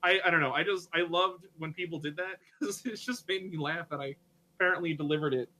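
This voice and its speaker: A man's voice: on the high side, fairly quick, over a noisy crowd, poor audio. A man interviewing a guest in a casual chat, friendly and chatty, often restarting his sentences. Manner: chatty, friendly, self-correcting.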